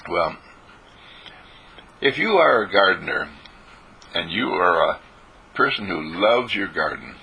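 In a deep, sharp-toned voice, a man tells stories during an informal spiritual talk, repeating phrases to stress them and clearing his throat now and again.

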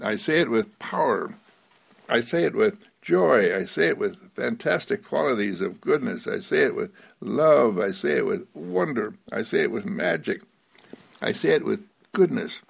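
A man's voice: on the low side, creaky. A man giving a short inspirational self-help talk, repeating phrases with emphasis and an occasional chuckle. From United States. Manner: repetitive, emphatic, chuckling now and then. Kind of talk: inspirational monologue.

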